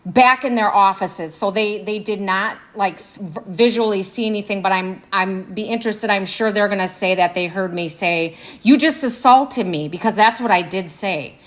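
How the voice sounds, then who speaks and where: A woman's voice: mid-range voice, moderate pace, few pauses, fairly bright tone. Woman recounting an incident, conversational. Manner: conversational, with restarts and quoted speech. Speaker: interviewee. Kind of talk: recounting events while watching footage.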